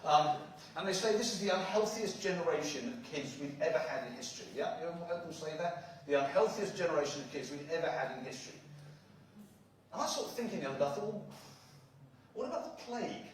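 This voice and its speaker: A man's voice: on the high side, lively intonation, fast talker, slight background noise. Joking man on a comedy stage. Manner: chatty, joking, laughs at own jokes. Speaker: stand-up comedian. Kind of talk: stand-up comedy with songs. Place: club stage. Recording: echoey live room from far off, music behind. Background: live music.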